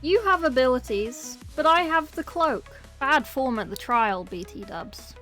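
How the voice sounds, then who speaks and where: A woman's voice: sits high, animated, a little slow, a bit bright, faint music behind. A woman reading aloud and voicing a boastful, gloating ancient male schemer in a storybook reading. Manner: gloating, theatrical.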